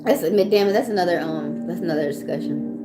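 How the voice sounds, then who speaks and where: A woman's voice: lowish voice, brisk. Tarot reader, woman, Southern accent, chatty, casual livestream, music in background. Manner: chatty, loose, swears casually.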